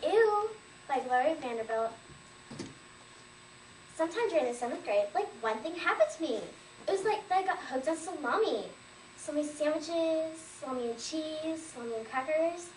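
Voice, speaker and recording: A woman recites a lively story, dropping in frequent "like"s as she goes. Her voice sits high, and the room echoes around it. She is recorded from far off, with a faint background hum. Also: normal speed. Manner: lively storyteller, heavy use of "like". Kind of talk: storytelling recitation at a language fair.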